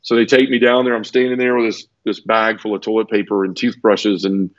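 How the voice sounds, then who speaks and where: Talking briskly in a lowish, flat voice, this interview guest shares a personal story through tears. He's earnest, often repeats himself and starts sentences over, and the conversational clip sounds dull, lo-fi and dry without echo.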